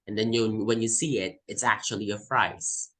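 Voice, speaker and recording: A man's voice: lowish voice, fairly even intonation, moderate pace, sharp tone, poor audio. A man from the Philippines, teaching an English test class and explaining by repeating example words. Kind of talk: online class lesson.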